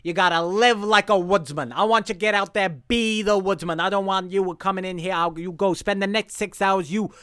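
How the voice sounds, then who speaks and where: A man voicing a slimy, bossy male lizard film director who talks brashly and fast. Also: sits high, pushed and bright, clear, resonant tone, pitched above the performer's own voice. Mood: pushy.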